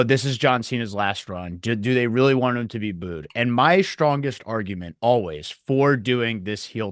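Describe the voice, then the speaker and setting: Excitable man recapping wrestling, dry sound. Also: fairly low pitch, no room sound. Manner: animated storytelling with acted quotes. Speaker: podcast co-host. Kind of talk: casual wrestling review chat.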